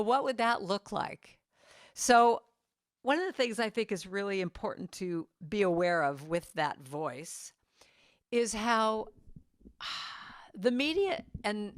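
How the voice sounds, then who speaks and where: A woman speaks to a church congregation in an easy, conversational way, sometimes dropping into soft, tender asides. Her voice sits at an ordinary middle pitch. The sound is close and dry. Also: clean tone, no room sound. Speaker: guest speaker and singer. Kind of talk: inspirational church talk. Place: church sanctuary.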